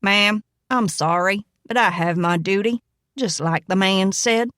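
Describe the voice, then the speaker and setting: A woman doing a slow drawling sheriff. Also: medium pitch, fairly bright tone, no room sound, clean studio sound, natural voice. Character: slow, drawling tobacco-chewing male sheriff.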